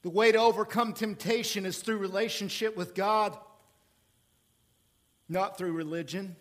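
A male pastor preaching a sermon in an animated, playful way, with sudden jumps in pitch and volume. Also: measured pace.

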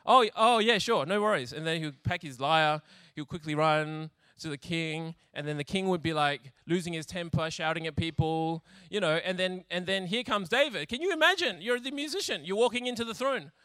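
Bright, chatty man preaching with humor. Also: on the high side, a little fast, few pauses, smooth, no room sound, studio quality. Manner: chatty, laughs often, acts out scenes. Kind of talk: humorous sermon storytelling.

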